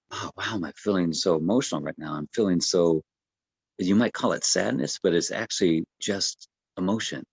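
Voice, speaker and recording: A breathwork coach from the United States, with a very low, gravelly, husky voice, gently and unhurriedly guides a listener through breathwork in casual explanatory talk. He pauses often, with many fillers and restarts. The recording is close and dry, with no room sound.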